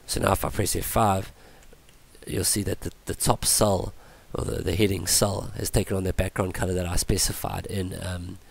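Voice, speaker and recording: A man explaining web page coding in a screen-recorded tutorial, his voice worn from illness, halting with many ums and restarts. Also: sits low, level tone, creaky, breathy edge. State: voice going from illness. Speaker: tutorial presenter.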